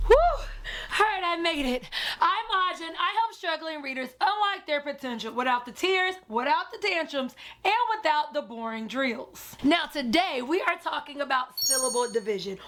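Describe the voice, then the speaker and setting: A woman teacher talking directly to parents and teachers in an upbeat, encouraging way, full of exclamations. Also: high-pitched. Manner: energetic, encouraging, exclaims often. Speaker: teacher and reading coach. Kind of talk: upbeat educational vlog talk.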